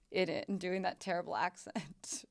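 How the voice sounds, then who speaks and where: A young woman streaming a game, chatting casually, swearing and laughing as she plays. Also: fairly low pitch. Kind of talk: casual gameplay chat.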